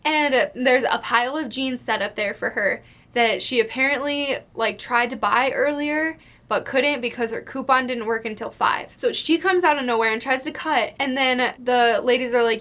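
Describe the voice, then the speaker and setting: Chatty high-voiced young woman vlogger. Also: normal speed, a bit bright. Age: young adult. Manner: chatty and exasperated, full of "like". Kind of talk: casual storytime vlog.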